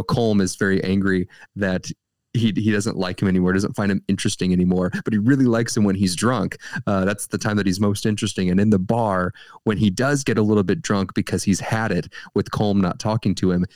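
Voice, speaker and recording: A man's voice: fairly low pitch, darkish tone, no room sound, clean studio sound. A man co-hosting a movie review show, talking in casual chat with enthusiasm, restarting phrases and swooping up for emphasis.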